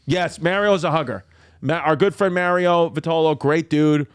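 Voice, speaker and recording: A man, hosting a podcast in casual chat, rambling and animated with lots of repeats and swearing. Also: a little high, moderate pace, clear, resonant tone. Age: 40s. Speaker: podcast host.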